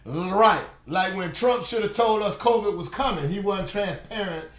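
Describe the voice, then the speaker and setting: A man with a fairly high voice rants through a casual reaction commentary, laughing as he talks and mockingly repeating words back. His voice rings a little in an echoey room. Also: expressive, normal speed, slight background noise. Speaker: commentary vlogger reacting to a news clip. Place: home in Florida.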